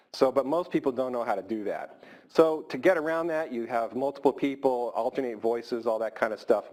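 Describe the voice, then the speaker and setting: A middle-aged surgeon gives an informal grand rounds lecture in a hall, speaking conversationally and repeating words for emphasis. His voice is medium in pitch and a little mellow.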